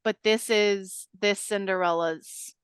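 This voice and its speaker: A woman co-hosting a podcast in casual chat about a film, animated and quick with laughing asides. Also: mid-range voice, clean tone, no echo, studio quality. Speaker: podcast co-host.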